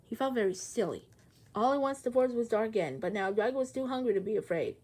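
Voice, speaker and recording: Female storyteller reading a children's book aloud, animated and expressive, with acted sound effects. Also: on the high side, fast.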